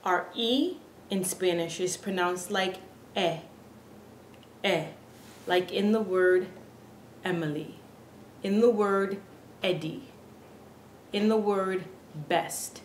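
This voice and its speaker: A woman giving a casual pronunciation lesson, speaking earnestly and slowly repeating each sound to demonstrate it. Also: lowish voice, steady tone. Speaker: Spanish pronunciation teacher. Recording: echoey room with faint background hiss.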